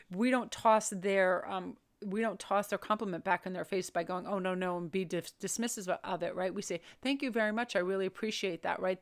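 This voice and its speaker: Gushing, encouraging woman tarot reader. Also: mid-range voice. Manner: gushing, encouraging, lots of "you know" and "right?". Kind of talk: casual spiritual reading. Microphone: microphone.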